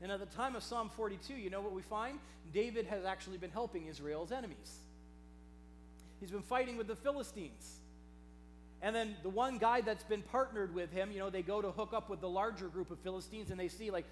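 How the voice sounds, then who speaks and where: High-voiced man preaching with passion. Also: a little fast, faint music behind. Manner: impassioned, swinging from hushed to loud; reads scripture aloud dramatically. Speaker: pastor. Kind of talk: sermon.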